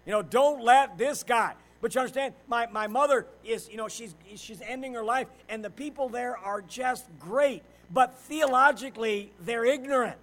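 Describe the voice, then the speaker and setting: Man, pastor, high voice, sermon, shifts from loud preaching to hushed storytelling. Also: moderate pace, few pauses, poor audio. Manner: swings between loud preaching and quiet storytelling.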